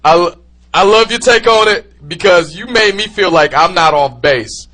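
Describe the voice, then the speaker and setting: High, animated man hosting a podcast. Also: normal speed. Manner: excitable, laughs easily. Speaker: podcast host. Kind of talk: casual podcast interview.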